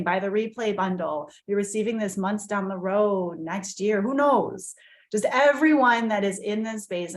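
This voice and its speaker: Affirming woman leading a spiritual circle. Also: medium pitch. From lives in Costa Rica. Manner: warm, affirming and gently emotional. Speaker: host of an online women's circle. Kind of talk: spiritual group session on video call.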